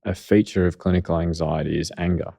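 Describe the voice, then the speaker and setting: A man's voice: low-pitched, steady tone, quick pace, gravelly, warm tone, husky. A middle-aged man with an Australian accent, a pediatrician guest on a podcast, explaining in an earnest, conversational way. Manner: earnest, explanatory, filler-heavy.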